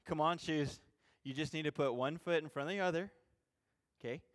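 Animated high-voiced male preacher. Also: brisk. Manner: animated, swings between loud emphasis and quiet asides; self-deprecating, informal. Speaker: youth pastor. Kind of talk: sermon.

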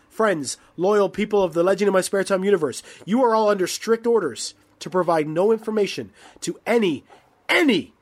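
A man in casual podcast banter, brash and quick to swear. His voice sits notably high for a man. He teases and trash-talks in a playful way. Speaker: podcast co-host.

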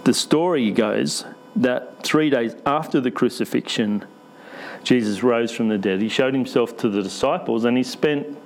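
A man's voice: mid-range voice, moderate pace, creaky, low-quality recording. A man preaching a conversational sermon in church, asking the congregation questions with light humour.

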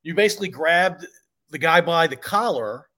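A man's voice: a little high, lively intonation, normal speed, sharp tone. A man hosting a podcast, asking his guest questions in a conversational way and often repeating words. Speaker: podcast host. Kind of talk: interview conversation.

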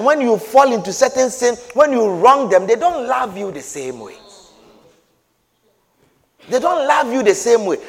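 A man preaching a sermon, emphatic and repetitive, swinging between loud and soft phrases. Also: high-pitched. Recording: echoey hall reverb.

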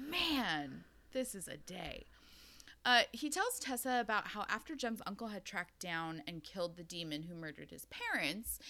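Young woman podcast host, bright and bouncy, lots of swearing and laughter. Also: lowish voice. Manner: swears freely, laughs often, animated retelling. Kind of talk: casual book-club podcast chat.

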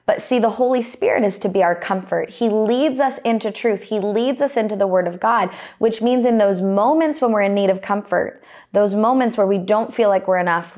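Earnest woman preaching a sermon. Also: medium pitch. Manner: earnest, personal storytelling with frequent restarts.

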